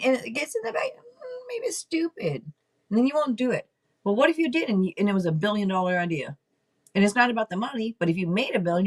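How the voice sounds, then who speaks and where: A woman in her forties hosting a live tarot stream in loose, casual chat. She talks loud and blunt, teases her viewers and swears freely, clearing an irritated throat now and then. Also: medium pitch.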